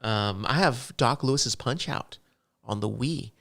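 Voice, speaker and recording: A man's voice: mid-range voice, unhurried, creaky. A middle-aged man co-hosting a gaming podcast in casual, rambling chat. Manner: rambling, relaxed, self-correcting. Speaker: podcast co-host.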